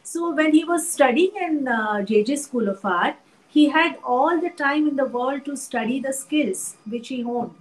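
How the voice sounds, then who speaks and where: A woman with an Indian English accent, an art historian and teacher, speaking thoughtfully in an interview with many pauses and fillers. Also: sits high, poor audio. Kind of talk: interview conversation.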